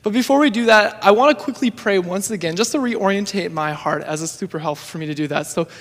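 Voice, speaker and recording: An energetic young man preaches from the pulpit, his voice pitched high for a man and full of upbeat enthusiasm. A long reverb from the church hall trails after his words. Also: fast. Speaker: youth pastor. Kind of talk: sermon. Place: church sanctuary.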